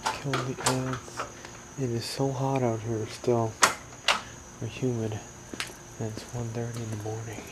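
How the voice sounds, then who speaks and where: A man's voice: mid-range voice, level tone, a little slow, long pauses, very noisy. A man in a casual late-night vlog, rambling and complaining with muttered asides, filmed on a phone outdoors near a condo parking lot. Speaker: vlogger.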